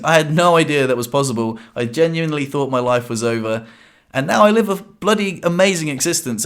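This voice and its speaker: A man's voice: fairly high pitch, a bit bright. Upbeat chatty man. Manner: upbeat, chatty, many fillers and restarts. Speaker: vlogger. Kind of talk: casual talk to camera.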